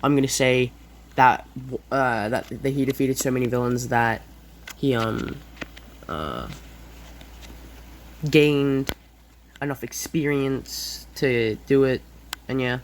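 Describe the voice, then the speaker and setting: Guy making up a fan story as he goes, lots of ums and restarts, mid pitch, faint hum behind. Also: takes it slowly, long pauses, rough recording. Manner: hesitant, many fillers and self-corrections. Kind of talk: improvised fan fiction narration.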